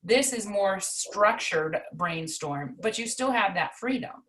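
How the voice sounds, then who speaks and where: A woman's voice: mid-range voice, lively intonation, slow, fairly bright tone, poor audio. A woman teacher explaining a poetry assignment in a chatty, folksy way, using examples from her own life. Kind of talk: recorded online lesson.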